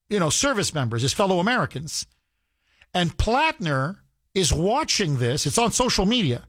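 A man with a notably high voice speaks as a political commentator, heated and emphatic. He circles back on his phrases to drive them home, stacking repetition on repetition. The sound is dry and close, with no room around it. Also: fairly bright tone, no room sound. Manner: emphatic, repeats phrases for effect.

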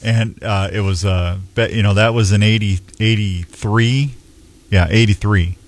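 Unhurried and steady, a man in his sixties with a fairly low voice rambles through folksy stories on his radio show. He restarts his sentences many times between casual chat and read-out announcements.

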